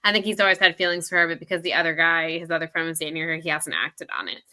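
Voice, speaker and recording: Woman co-host breaking down book characters, bright voice, lowish pitch. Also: racing. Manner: analytical, thinking aloud about the characters. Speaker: podcast co-host. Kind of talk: casual book discussion.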